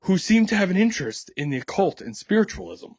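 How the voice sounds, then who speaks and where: American man, podcast host, irreverent comedic storyteller; animated delivery, husky voice. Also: high-pitched, fast, no room sound. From United States. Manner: irreverent, swears a lot, laughs at his own jokes.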